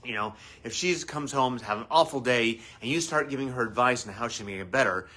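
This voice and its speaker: A man hosting a live advice talk as a family therapist, animated and acting out quoted voices. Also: mid-range voice, fairly quick.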